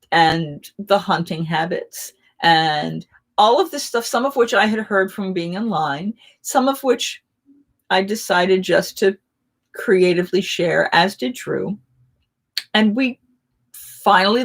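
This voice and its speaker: A woman hosting a casual live chat, telling rambling, animated anecdotes. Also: medium pitch.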